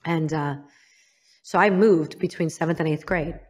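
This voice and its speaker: Woman, slightly low-pitched, interview guest, candid personal storytelling, frank and self-critical. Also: unhurried, a little mellow, husky. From Illinois, United States. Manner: frank, self-critical, acts out others' lines.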